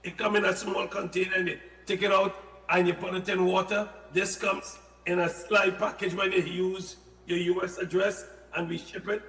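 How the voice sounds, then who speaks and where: High, bright man. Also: moderate pace. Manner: animated, playful asides, repeats words. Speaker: health product guest. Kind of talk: casual radio-style health talk. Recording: echoey studio with long reverb.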